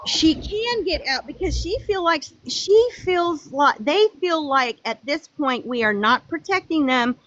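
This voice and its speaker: Slow high-voiced older woman, halting. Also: lively intonation, fairly bright tone, highs cut off. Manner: halting, restarts often. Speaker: panel caller. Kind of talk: heated panel discussion.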